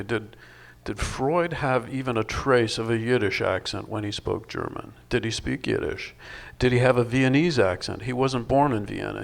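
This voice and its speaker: A man's voice: on the low side, gravelly. An older male film director at a festival panel, answering in a thoughtful, wry way with many restarts.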